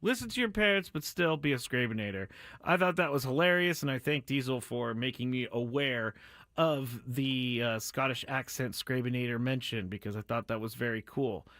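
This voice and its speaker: An excitable man hosts a casual sports talk show, rambling between news and jokes. His voice is bright and forward. It sounds dry and close to the mic. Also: mid-range voice, normal speed, dry recording. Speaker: podcast host.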